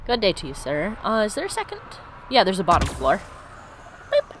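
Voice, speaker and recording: A woman's voice: mid-range voice, wildly swooping pitch, a little fast, a little hiss or hum. A woman giving casual let's play commentary, blunt and chatty, swearing freely.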